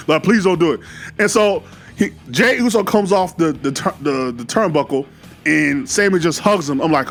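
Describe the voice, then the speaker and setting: A man giving a casual, excitable solo review, full of fillers and slang. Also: high voice, a little fast. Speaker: wrestling commentary YouTuber.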